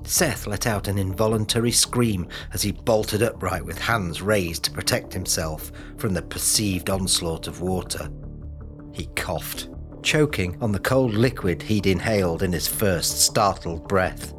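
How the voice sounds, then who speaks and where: A man narrating an audiobook in a steady, measured storytelling manner, over music. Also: low-pitched. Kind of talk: scripted narration.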